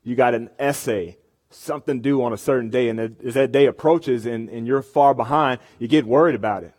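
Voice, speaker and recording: A man's voice: mid-range voice, a little fast, a little mellow. A young man giving a casual sermon to college students, conversational and often checking in with the room. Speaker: campus ministry speaker. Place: meeting room with an audience.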